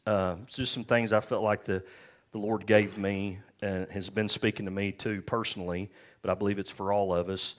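A man who is a pastor, preaching an earnest, conversational sermon full of personal stories. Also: on the low side.

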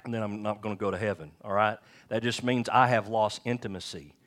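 A middle-aged pastor delivers his sermon in a frank, chatty way, poking fun at himself. His voice sits fairly low, and he slows to a careful pace whenever he reads scripture aloud. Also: fairly even intonation, fairly bright tone. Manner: conversational, candid, self-deprecating preaching. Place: church.

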